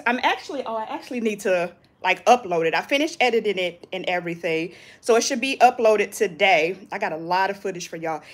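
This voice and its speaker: A woman's voice: fairly high pitch, fairly bright tone. A woman chatting casually on a live stream from a hotel balcony, greeting viewers and reading their comments. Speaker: vlogger hosting a live stream.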